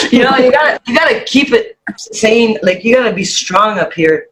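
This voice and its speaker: A woman guest on a casual podcast, telling a story in an animated way and swearing freely, her voice jumping high when she quotes people. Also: normal speed, low-quality recording.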